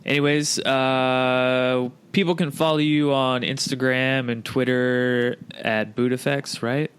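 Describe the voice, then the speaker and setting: A man's voice: mid-range voice, takes it slowly, clean tone. A man hosting a podcast, chatting casually and profanely with a guest. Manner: relaxed, profane, laid-back. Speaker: podcast host. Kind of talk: casual interview chat.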